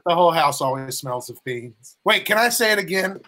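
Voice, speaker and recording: A man's voice: fairly high pitch, expressive, a little fast, sharp tone. A young man co-hosting a casual show, joking around, hyped and swearing casually. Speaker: co-host.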